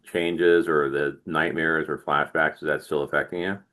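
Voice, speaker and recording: A man hosting an interview, asking his questions in a halting way with frequent restarts. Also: extremely low pitch, flat delivery, sharp tone. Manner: halting, many restarts and fillers. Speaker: podcast host. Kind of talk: interview conversation.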